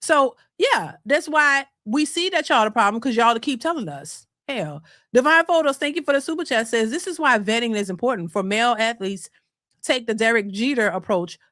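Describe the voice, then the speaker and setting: A sassy woman hosting a reaction channel, ranting to her viewers with emphatic slang. Her voice sits high and bright. The sound is close and dry with no room echo. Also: expressive, moderate pace. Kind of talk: casual commentary to viewers.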